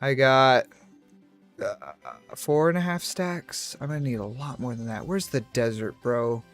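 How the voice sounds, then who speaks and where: A man's voice: mid-range voice, a little slow. Young male streamer, chatty and self-deprecating, drifting between tangents over faint music. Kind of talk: casual livestream chat while gaming.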